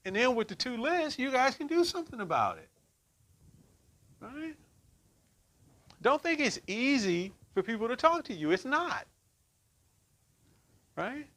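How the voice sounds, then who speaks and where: A man's voice: extremely high pitch, sing-song, unhurried, long pauses, a bit bright. A middle-aged man leading a relationship workshop for a group, talking conversationally and often checking in with "right?". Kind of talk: teaching a group class.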